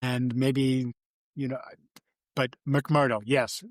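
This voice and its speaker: An older man sits as a podcast guest and spins animated, rambling anecdotes, circling back and restarting his sentences. His voice sits at an ordinary pitch. The sound is close and dry, with no room around it. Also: slow pace, dry recording. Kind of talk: casual interview storytelling.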